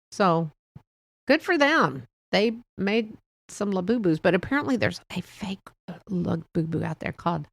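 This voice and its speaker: A middle-aged woman of medium pitch hosts her own solo podcast, chatting loosely about toys with frequent laughs and rambling restarts. The recording is dry.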